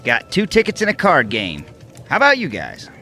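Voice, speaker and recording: A cocky young gambler, sly and coaxing, his voice leaping up and down in pitch, as a woman narrator plays him. It sounds bright and a little sharp. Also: wildly swooping pitch, moderate pace, faint music behind, exaggerated voice. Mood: upbeat.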